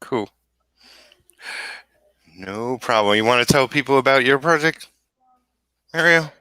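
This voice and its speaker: Casting note: male host, unhurried easy chat, sharp bright tone, dry sound. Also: medium pitch, clean tone, no echo. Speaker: show host. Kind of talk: casual video call chat.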